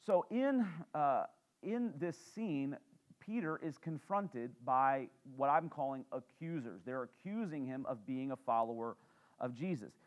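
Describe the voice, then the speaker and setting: A male pastor teaches the congregation through a sermon. His delivery is relaxed and conversational, full of small fillers and restarts. He often turns to the room with questions. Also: mid-range voice, measured pace, highs cut off. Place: church.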